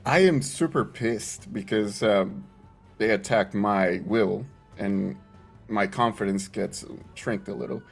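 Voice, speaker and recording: A man playing a tabletop game, describing his character's actions, excitable and given to swearing. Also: on the low side, takes it slowly, gravelly, husky, faint music behind. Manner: excitable, swearing, gets emotional. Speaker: player.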